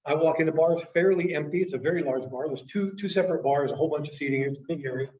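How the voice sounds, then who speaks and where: Man telling a story, halting. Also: on the high side. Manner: halting, repeats words, voices quoted people. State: emotional, choked up at times. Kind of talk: storytelling presentation. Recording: distant, dull lo-fi sound.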